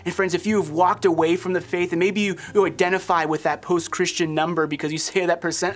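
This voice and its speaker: A man's voice: sits high, fairly even intonation, fast talker, few pauses. A man in his thirties, a pastor preaching a sermon, telling stories and acting out the voices of people in them. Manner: storytelling, acts out quoted voices.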